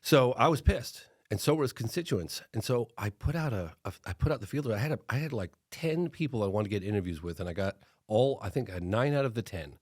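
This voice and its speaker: Low-voiced middle-aged man telling stories. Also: expressive, quick pace, few pauses, dry recording, studio quality. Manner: acts out other people's lines in changed voices. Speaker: documentary filmmaker guest. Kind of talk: animated storytelling in conversation.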